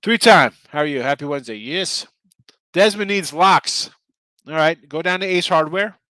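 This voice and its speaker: A man's voice: a little high, moderate pace, sharp tone, no room sound. Rambling tired middle-aged man, dry sound. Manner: rambling, self-correcting, chatty with viewers. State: tired, yawning. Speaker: sports betting show host. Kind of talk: casual livestream chat.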